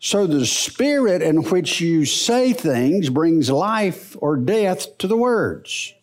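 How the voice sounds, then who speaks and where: A middle-aged man teaching the Bible in a church service, in a folksy, unhurried preaching manner. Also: a little high. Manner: slow, animated, folksy preaching.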